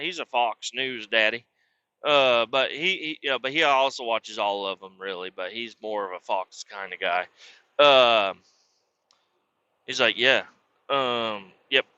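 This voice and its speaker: In a casual podcast monologue, a man with a bright, forceful mid-range voice tells a meandering, expletive-filled story, jumping into the voices of the people he quotes. There's no echo, though the audio sounds dull.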